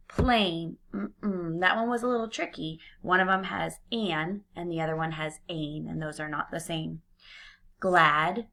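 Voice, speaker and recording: A woman teacher drills phonics with young children, pronouncing each word slowly and with care. Her voice has a gravelly edge and a bright, sharp tone, and it sits somewhat low. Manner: slow, clearly enunciated drilling of words and sounds.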